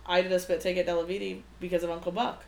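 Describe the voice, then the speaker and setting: A woman's voice: fairly low pitch, little pitch movement, racing, creaky. A young woman co-hosting a podcast, giggly and teasing in casual chat. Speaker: podcast co-host. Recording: echoey room with faint noise.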